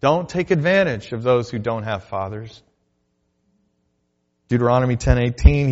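A male pastor delivering a sermon, moving between loud declarations and quiet, hushed asides. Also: medium pitch, normal speed, long pauses, dull audio.

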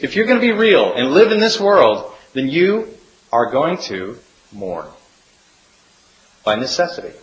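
Male pastor preaching, earnest, goes quiet then loud, roomy echo and a bit of hiss. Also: on the high side. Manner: earnest, with dramatic drops to near-whisper and emphatic rises. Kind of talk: sermon. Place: church sanctuary. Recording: echoey room with faint hiss.

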